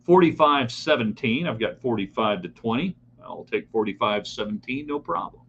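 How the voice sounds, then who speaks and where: Animated middle-aged sports talk host. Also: male voice, mid-range voice, moderate pace, highs cut off, slight background noise. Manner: opinionated, animated, talks straight to listeners. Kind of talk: live sports talk broadcast reading chat comments.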